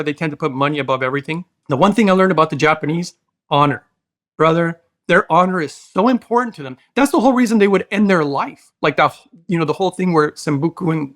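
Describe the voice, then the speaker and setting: A man's voice: fairly high pitch, a bit bright. A man speaking as a podcast guest, earnest and emotional, talking in a preachy, heartfelt way and calling the host brother. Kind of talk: casual interview talk.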